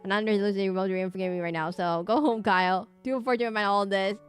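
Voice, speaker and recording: A woman's voice: mid-range voice, fairly even intonation, rapid-fire, faint music behind. A woman streamer playing a romance horror game, reading the characters' lines aloud with drama and breaking off to react and laugh. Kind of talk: reading game dialogue aloud during a let's play.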